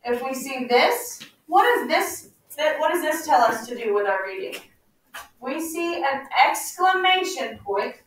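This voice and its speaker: A woman teacher leading a class with call-and-response questions, slowing down to stress key words. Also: high-pitched, expressive. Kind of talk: classroom instruction. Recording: echoey room, mic far off, faint noise.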